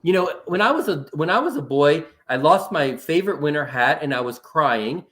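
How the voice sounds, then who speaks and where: A man's voice: a little high, lively intonation, moderate pace, a bit bright. A man making emphatic points in a casual discussion about mental health, repeating phrases for stress. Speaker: panel speaker on mental health.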